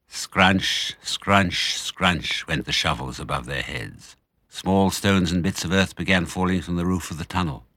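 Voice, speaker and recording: An older man narrating a children's story with dramatic, expressive reading. His voice is low yet bright, rising and falling widely. It sounds dry and close. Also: unhurried, no echo.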